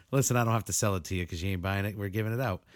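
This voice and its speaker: Laid-back low-voiced podcast guy. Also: rapid-fire, dry recording. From New England. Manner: loose, profane storytelling, chatty asides to listeners. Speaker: podcast co-host. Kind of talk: casual podcast chat.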